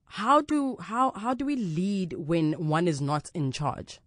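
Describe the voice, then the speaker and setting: A woman's voice: on the low side, slow pace, no echo, clean studio sound. A woman hosting a podcast interview, praising her guest with lots of fillers before asking questions. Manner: warm effusive praise, filler-heavy. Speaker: podcast host.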